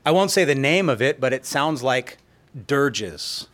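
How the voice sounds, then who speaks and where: A middle-aged male pastor delivers a sermon in a church, his voice sitting at an ordinary pitch for a man. He tells stories from his own life and jumps into acted-out quotes of what people said to him. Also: expressive, a little slow, a bit bright.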